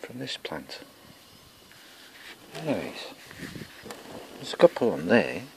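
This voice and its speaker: Welsh guy rambling round his garden on a handheld cam, lowish voice, slides between english and welsh. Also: big pitch swings, background noise. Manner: slow rambling chat, mutters to himself. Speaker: gardening vlogger. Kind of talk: casual garden walk-through. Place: outdoor garden. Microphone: handheld camera or phone.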